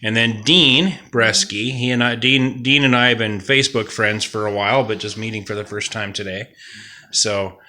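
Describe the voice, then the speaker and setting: A man interviewing relatives about his family history, casual and halting, with many fillers and restarts. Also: lowish voice, fairly even intonation, pushed and bright, roomy sound.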